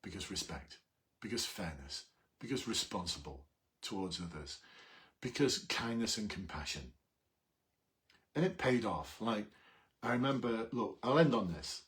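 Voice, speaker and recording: A middle-aged man, telling a police story in an animated, emphatic way on a live video. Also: fairly low pitch, a little slow, long pauses. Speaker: police recruitment coach, former officer.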